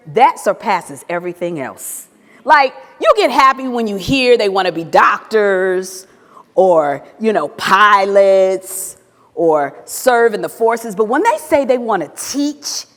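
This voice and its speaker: A woman and former teacher telling a personal story in a talk, animated and acting out the dialogue. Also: a little high. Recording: long reverb of a hall.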